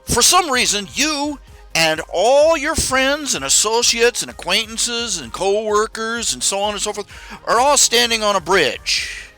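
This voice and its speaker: Guy ranting on his stream, bright sharp voice, swings way up and down, music faint behind. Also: high-pitched, a little slow, low-quality recording. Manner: animated, mocking parents in raised voices; rambling with restarts. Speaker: podcast host. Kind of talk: casual rant.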